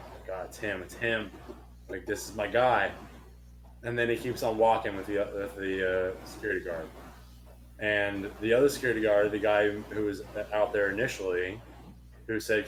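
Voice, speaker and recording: Young man, podcast co-host, casual animated storytelling, low voice, faint background noise. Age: young adult. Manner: animated storyteller, swears freely. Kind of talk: casual chat.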